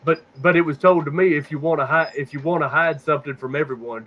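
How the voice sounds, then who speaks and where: A man's voice: fairly high pitch, steady tone, fast talker. A man holds forth on a podcast in a slightly raised voice, cursing freely and circling back over his own words. The sound is dull and lo-fi. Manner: profane, rambling, repeats words when stuck. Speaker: podcast host. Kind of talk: casual conspiracy talk.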